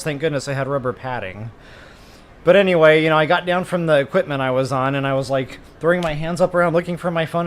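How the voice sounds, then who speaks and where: A middle-aged man giving casual gameplay commentary, chatty and quick to laugh, who tells stories to his viewers while he plays. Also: a little high, a little hiss or hum. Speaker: gaming streamer.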